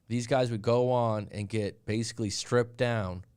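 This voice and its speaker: A man's voice: medium pitch, fairly even intonation, measured pace, a little mellow, clean tone. Blunt middle-aged man coaching on dating. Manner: candid, blunt, storytelling with quoted voices. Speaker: dating and breakup coach, live stream host. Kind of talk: casual live-stream monologue.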